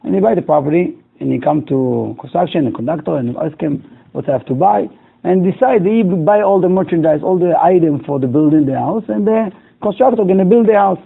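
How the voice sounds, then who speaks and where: Rabbi telling a story in class, broken english, acts out the voices, kinda high and gravelly, sounds like a phone line. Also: male voice, fairly quick. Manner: animated storyteller acting out dialogue, broken English. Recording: tinny, phone-like lo-fi recording.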